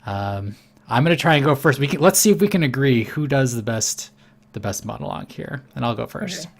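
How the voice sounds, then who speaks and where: A man's voice: medium pitch, animated, a little fast, gravelly. A man hosting a casual podcast chat, upbeat with hesitant fillers. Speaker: podcast host.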